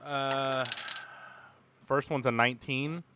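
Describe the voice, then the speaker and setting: A man's voice: mid-range voice, fairly even intonation, slow pace, noisy background. A man playing a tabletop game, chatting casually and asking about the rules. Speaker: player.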